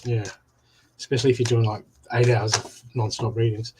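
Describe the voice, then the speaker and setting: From a room at home, a middle-aged man hosts a live reading stream, chatting and rambling casually with his viewers. His voice is mid-range, his delivery flat and brisk, and background noise is audible.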